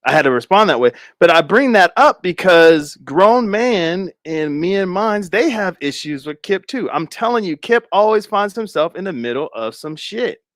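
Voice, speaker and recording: A man's voice: high-pitched, expressive, normal speed, few pauses, fairly bright tone, dry recording, studio quality. A man giving casual, rambling commentary to his viewers, laughing often and speculating. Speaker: commentary streamer.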